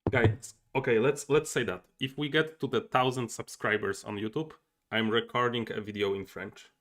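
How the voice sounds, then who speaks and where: A young male game streamer thinks aloud while playing a board game on a livestream, chatting with viewers in casual commentary. His voice is medium-pitched and a bit bright, with a steady tone and moderate pace.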